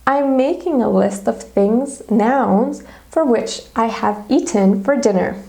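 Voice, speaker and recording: Woman teacher going through grammar rules one example at a time, kinda high voice with some gravelly fry. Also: slow, a little mellow. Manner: methodical, explains step by step with examples. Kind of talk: grammar lesson video.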